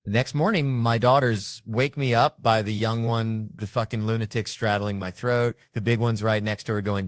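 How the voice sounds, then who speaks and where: A man's voice: fairly low pitch, steady tone, moderate pace, hardly any pauses, dry recording, studio quality. A middle-aged man telling crude parenting stories in a stand-up routine, acting out his kids' lines. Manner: brash, profane storytelling with acted-out quotes. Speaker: stand-up comedian.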